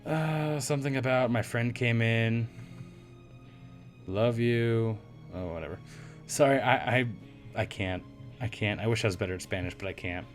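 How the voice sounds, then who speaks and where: A hoarse man reading a visual novel aloud as a let's play narrator, with wry, self-deprecating asides. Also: medium pitch, moderate pace, long pauses, faint music behind.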